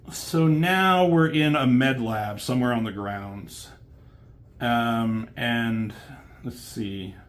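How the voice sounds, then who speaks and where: A man talks through a comic book in a loose, rambling way, dropping fillers and the odd swear. His voice sits at an ordinary middle pitch. It is a relaxed, unscripted review.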